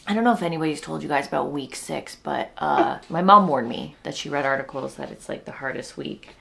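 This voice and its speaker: A woman's voice: low voice, fairly quick, vocal fry, a bit bright. A young woman and new mom, a comedian, chatting casually at home in a tired, wry way, sometimes dropping to a whisper. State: sleep-deprived. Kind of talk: casual vlog chat. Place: home, indoors.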